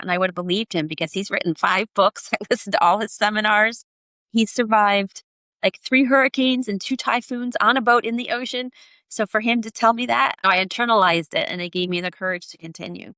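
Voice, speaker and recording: A middle-aged woman, a podcast guest, telling her story in a lively way and acting out the voices of the people in it. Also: mid-range voice, fairly quick, dry recording. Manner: animated, acts out quoted voices. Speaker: podcast guest, sailor and author. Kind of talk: storytelling in an interview.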